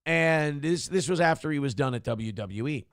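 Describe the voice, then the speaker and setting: A man's voice: a little high, normal speed, no echo, studio quality. A man in his forties hosting a morning talk show, telling profane, rambling stories in a casual chat style. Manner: profane, animated storytelling.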